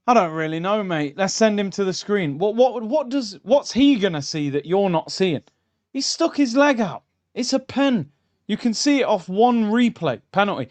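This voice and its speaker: Excitable man reacting to a match. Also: high-pitched. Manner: excitable, shouts at the screen, chatty tangents. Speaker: football watchalong host. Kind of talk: live match reaction commentary. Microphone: streaming mic.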